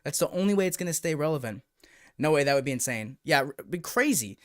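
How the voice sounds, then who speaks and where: A young man from the United States chatting on a live stream, excitable and rambling as he talks to his viewers. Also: fairly high pitch, fast. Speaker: YouTube VR streamer. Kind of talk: casual live-stream chat.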